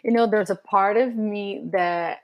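A woman who works as a spiritual coach, talking as a podcast guest in a soft, reflective, emotionally open way with pauses and fillers. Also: mid-range voice, fairly even intonation, lo-fi sound. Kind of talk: casual podcast conversation.

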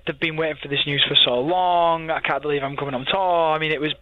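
An English man, a singer being interviewed, chatting warmly and laughing often, with frequent restarts. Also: a little high, fairly even intonation, fast, narrow, tinny audio. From England. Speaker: singer-songwriter guest. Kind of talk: casual interview chat.

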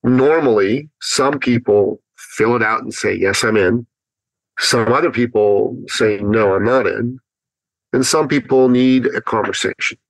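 A man telling a personal story as a guest on an interview podcast, acting out his own thoughts with animated pitch. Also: measured pace, no echo, poor audio. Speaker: podcast guest, business speaker.

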